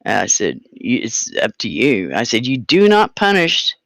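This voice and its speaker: A man's voice: medium pitch, huge pitch swings, measured pace, gravelly, a bit bright, no room sound. Blunt middle-aged man, dry close sound. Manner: blunt, firm, swearing, quotes his own stern words. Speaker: co-host, parent of the other host. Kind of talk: casual chat, storytelling.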